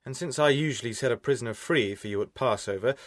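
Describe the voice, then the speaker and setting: A man voicing a stern, weary male Roman governor who speaks in a deliberate, questioning way. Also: medium pitch, no room sound, clean studio sound, pitched below the performer's own voice, lightly acted. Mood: addressing crowd.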